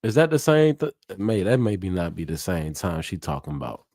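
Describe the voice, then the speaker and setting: A hyped, chatty man running a live reaction stream, his voice sitting fairly low. He laughs often and swears freely as he talks to his viewers. The sound is dry and close, with no room echo. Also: big pitch swings, normal speed, a little mellow. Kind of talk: casual live reaction commentary.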